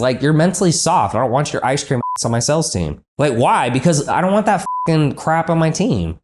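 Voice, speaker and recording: A man's voice: a little high, animated, fast talker, hardly any pauses, darkish tone. Blunt, profane male business coach.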